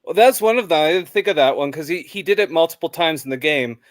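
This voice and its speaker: A man's voice: on the high side, lively intonation, fast talker, no room sound. Chatty man, dry close sound. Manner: chatty, rambling with many fillers. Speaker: guest football fan. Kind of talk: casual match discussion.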